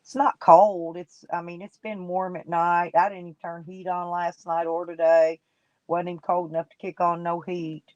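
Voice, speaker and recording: A woman's voice: lowish voice, little pitch movement, normal speed, no echo, dull audio. A woman streaming live, chatting casually with her viewers and gossiping about people in her chat in folksy, colloquial talk.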